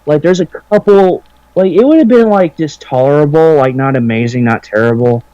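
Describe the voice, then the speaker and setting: A man's voice: fairly high pitch, moderate pace, warm tone, dry recording, highs cut off. Rambling guy chatting over a game. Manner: rambling, filler-heavy, profane. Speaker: let's play commentator. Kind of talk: casual gaming chat.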